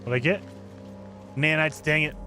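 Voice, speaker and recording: A man's voice: on the high side, moderate pace, pushed and bright, soft background music. A man live-streaming a video game, talking casually with viewers in loose, rambling commentary.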